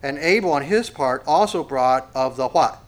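A man's voice: mid-range voice, expressive, normal speed. A man preaching a sermon as pastor. He asks the congregation rhetorical questions and often stumbles over repeated words.

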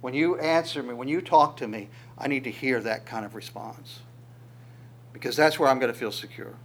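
Man preaching a conversational sermon. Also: mid-range voice. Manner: conversational, searching, quick asides. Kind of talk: expository sermon.

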